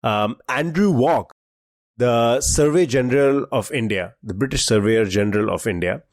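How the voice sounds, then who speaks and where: A man co-hosting a trivia podcast, relaxed and explanatory, filling pauses with "uh" while he lays out facts. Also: mid-range voice, no echo, studio quality. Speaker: quiz podcast co-host. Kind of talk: casual quiz podcast chat.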